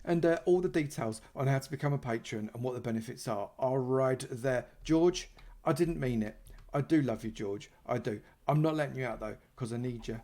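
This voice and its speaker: A man talks casually over his Minecraft gameplay. He is playful and chatty, teasing and thanking his supporters, with a middle-pitched voice. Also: brisk, darkish tone. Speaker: Minecraft YouTuber.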